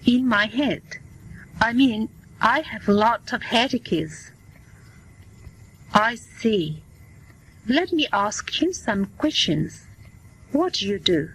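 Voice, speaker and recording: A woman reads short scripted exchanges for English learners, voicing each part herself. Her delivery is extremely slow and deliberate. Her voice sits a little high and carries a soft, breathy edge. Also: poor audio. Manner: reads every part of short scripted everyday dialogues in turn. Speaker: English listening lesson reader. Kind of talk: scripted dialogue reading for learners.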